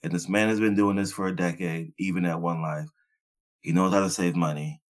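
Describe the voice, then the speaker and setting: Brief: male co-host with a lowish voice, blunt and emphatic. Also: fairly even intonation, a little fast. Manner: emphatic, blunt, swears freely. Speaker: podcast co-host. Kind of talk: casual podcast chat.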